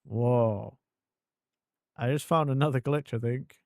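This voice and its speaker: A man streaming a game and commenting as he plays, excitable and quick to swear and burst into exclamations. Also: mid-range voice, vocal fry, no echo. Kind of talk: gameplay commentary.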